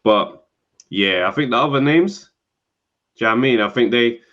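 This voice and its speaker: A man co-hosting a podcast, talking in relaxed casual chat and thinking out loud. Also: medium pitch, moderate pace, highs cut off. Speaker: podcast co-host.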